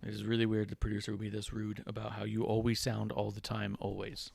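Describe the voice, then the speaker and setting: A man's voice: on the low side, monotone, quick pace, gravelly, noisy background. A man hosting a comedy podcast, teasing his co-hosts in a playful, joking way. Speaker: podcast host. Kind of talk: casual comedic podcast banter.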